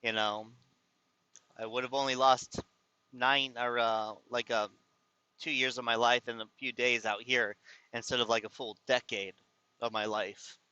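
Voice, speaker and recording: A man's voice: medium pitch, flat delivery, unhurried, pauses often, pushed and bright, clean tone, no room sound, highs cut off. Exasperated man rambling a personal story. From California. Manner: rambling, frequent restarts, exasperated retelling. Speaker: vlogger. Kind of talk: casual storytelling to camera.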